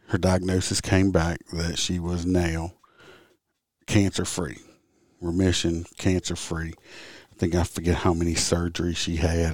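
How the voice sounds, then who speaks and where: Low-voiced man rambling through a story. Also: no echo, studio quality. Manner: rambling, blunt, occasional swearing. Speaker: podcast host and traffic officer. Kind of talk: casual storytelling monologue.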